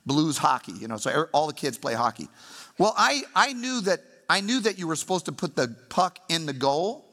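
A lively man preaches with a bright, ringing tone and a voice that leaps up and down as he drives his points home. He breaks off to quiz the congregation and tell stories, and his words trail off into a long hall echo. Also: fairly high pitch, fairly quick. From St. Louis, Missouri. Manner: animated, emphatic storytelling with congregation asides. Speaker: pastor. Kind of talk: sermon.

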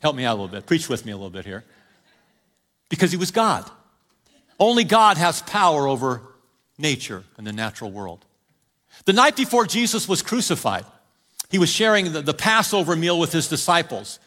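A man preaching a sermon, telling stories to the congregation and urging them on, with sudden loud calls and quiet drops. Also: a little high, very animated, normal speed, long pauses, in a large hall. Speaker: pastor.

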